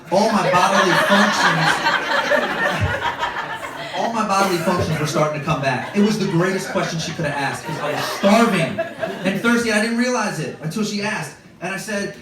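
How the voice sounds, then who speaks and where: Male stand-up comic, high voice, animated storytelling, distant mic in an echoey club with audience noise. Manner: animated, acts out quoted voices. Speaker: stand-up comedian. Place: comedy club stage. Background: audience laughter.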